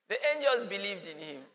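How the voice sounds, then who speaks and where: A man preaching a sermon as pastor, animated and playful. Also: high voice, big-room sound, noisy background.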